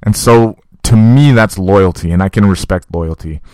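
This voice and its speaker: A man's voice: on the low side, moderate pace, dark tone, no echo. A man, a fight coach, telling a story in a casual, profane, conversational monologue aimed at his listeners. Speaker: podcast host and fight coach.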